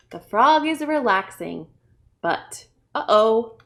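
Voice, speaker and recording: A woman children's librarian reading a picture book aloud to kids, playful and bursting into loud exclamations. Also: on the high side, sing-song, slow pace. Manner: playful, with big shouted exclamations.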